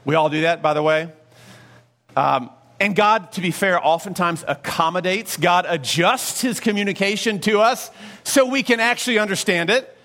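A male pastor preaching a sermon in a conversational, animated way, with frequent rhetorical questions and asides to the congregation. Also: high-pitched, moderate pace.

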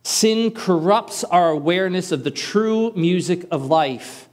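Higher-voiced male preacher. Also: lively intonation, unhurried, darkish tone. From Northern US. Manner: conversational, self-deprecating humor. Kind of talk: sermon.

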